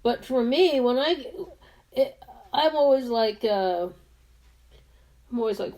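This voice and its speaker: A woman's voice: a little high, normal speed. A woman in her fifties telling a rambling story while doing her makeup, with many restarts and frequent laughter. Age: 50s. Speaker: beauty vlogger.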